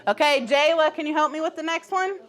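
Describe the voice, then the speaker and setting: A woman teaching preschoolers in a classroom, encouraging them with frequent praise and gentle teasing. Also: high voice, a little fast. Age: adult. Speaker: pre-K teacher. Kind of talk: classroom instruction to small children.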